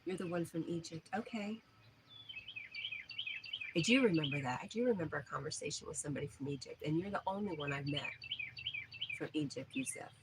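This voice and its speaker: A woman's voice: deep voice, brisk, long pauses. A woman hosting a casual outdoor livestream, reading viewer comments aloud in a chatty, friendly way. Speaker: livestream host. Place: back porch outdoors at evening. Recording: outdoor noise with birds. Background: birdsong and outdoor ambience.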